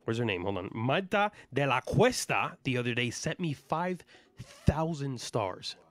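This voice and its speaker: A man hosting a casual live podcast, joking and hyped as he shouts out viewers, sounding a little fatigued. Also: mid-range voice, sing-song, a little slow. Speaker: podcast host.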